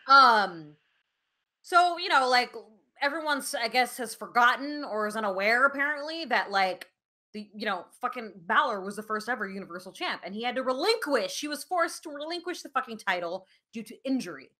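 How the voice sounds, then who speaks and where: A woman co-hosting a podcast in casual chat, animated, with lots of fillers and swearing. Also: fairly high pitch, normal speed. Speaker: podcast co-host.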